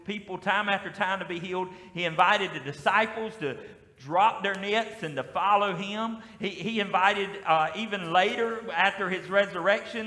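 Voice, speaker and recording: A man with a Southern US accent preaching a sermon as pastor, with lively call-and-response. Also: high-pitched. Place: church sanctuary. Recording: echoey hall with long reverb.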